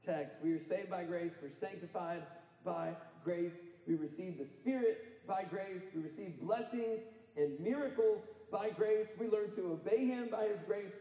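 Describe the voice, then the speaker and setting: A man preaching a sermon as pastor, animated and emphatic, rising to near-shouts and laughing at his own jokes. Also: on the high side. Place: church sanctuary. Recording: echoey church hall with long reverb.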